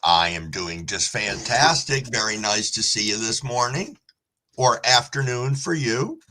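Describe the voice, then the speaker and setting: A man's voice: mid-range voice, expressive, measured pace, pushed and bright, low-quality recording. A man hosting a live stream, chatting casually with a guest and cheerfully greeting viewers from the chat.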